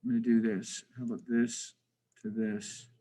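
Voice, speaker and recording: A man's voice: medium pitch, level tone, normal speed, dark tone, husky, low-quality recording. A man teaching a screen-recorded drafting lesson, thinking aloud with lots of restarts, self-questions and grumbling asides. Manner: frustrated, self-deprecating asides.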